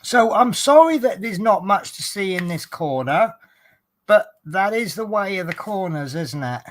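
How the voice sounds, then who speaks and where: A man's voice: high voice, sing-song, a little slow. A man chatting casually while doing a craft hobby at home, joking at his own expense and asking viewers questions. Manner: chatty, self-deprecating joker. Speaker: vlogger, coach driver. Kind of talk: relaxed craft vlog chat.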